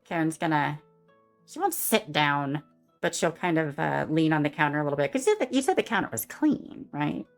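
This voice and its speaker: A woman's voice: sits low, expressive, brisk, soft background music. A woman streamer describing her character's actions in a tabletop game in a chatty way, with many fillers. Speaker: player and streamer. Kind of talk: casual tabletop game narration.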